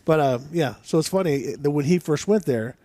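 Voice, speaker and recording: Animated man telling stories, slightly high voice. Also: moderate pace. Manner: animated storyteller. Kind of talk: casual storytelling.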